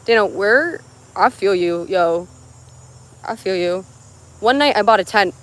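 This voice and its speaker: A woman's voice: medium pitch, animated, measured pace. A young woman livestreaming from her phone outdoors in the woods, chatting in a bubbly, rambling way as she answers viewers' comments. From United States. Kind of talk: casual livestream chat. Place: outdoors in wooded mountains.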